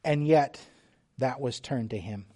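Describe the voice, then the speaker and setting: A man preaching a sermon as pastor, earnest and measured, with restarts and small asides. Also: mid-range voice, mellow, slightly rough.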